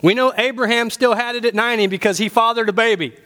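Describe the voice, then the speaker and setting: A man preaching a sermon in a church, animated and humorous, building to emphatic points. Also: very high-pitched, fast. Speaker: pastor.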